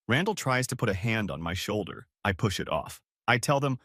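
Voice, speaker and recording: Young man, first-person story narration, blunt and defiant, animated pitch, dry close sound. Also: moderate pace, dry recording.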